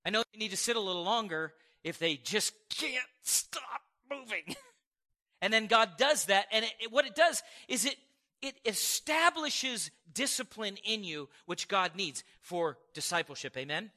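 High-voiced, bright-toned preacher, animated. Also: male voice, moderate pace. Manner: animated, storytelling with acted-out quotes and chuckles. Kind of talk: sermon. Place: church service before a congregation.

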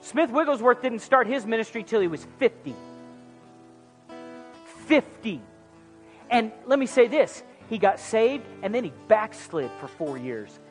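Man preaching in a reverberant church hall with faint music behind; high, husky, lively delivery. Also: measured pace. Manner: animated, acts out dialogue in comic voices. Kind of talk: sermon.

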